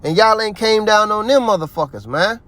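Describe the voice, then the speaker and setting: A man's voice: high voice, lively intonation, normal speed, fairly bright tone, dry recording. A man giving heated religious commentary, ranting in a profane, preachy way.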